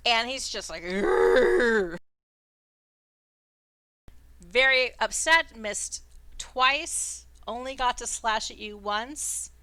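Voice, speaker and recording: A woman's voice: a little high, takes it slowly, bright, forceful tone, no echo. A woman narrating as dungeon master in a casual way, with playful sound effects and fillers, over an online voice call. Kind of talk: narrating a tabletop game.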